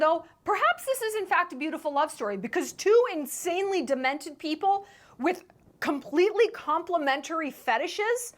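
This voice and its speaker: A woman's voice: sits high, very animated, normal speed. A woman in her thirties hosting a sarcastic commentary rant, incredulous and emphatic. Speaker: commentary YouTuber.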